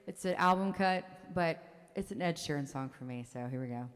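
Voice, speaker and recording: A woman's voice: deep voice, brisk. A woman in her forties, a songwriter telling stories and taking questions from a live theater audience in a chatty, self-interrupting way, often laughing. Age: 40s. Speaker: songwriter performing a one-woman show. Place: theater stage. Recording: long hall reverb, faint music.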